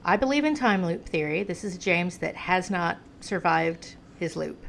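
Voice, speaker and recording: A woman's voice: on the low side, expressive, measured pace, gravelly, fairly bright tone, a little hiss or hum. An American woman giving chatty gameplay commentary, talking to the game's hero the way she talks to a pet. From United States. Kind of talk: casual game commentary.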